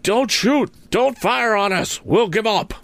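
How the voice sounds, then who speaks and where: A man's voice: deep voice, big pitch swings, brisk, sharp tone, no echo, full character voice. Happy Harry, a man doing a sneering shifty thief. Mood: pleading. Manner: sneering, whining.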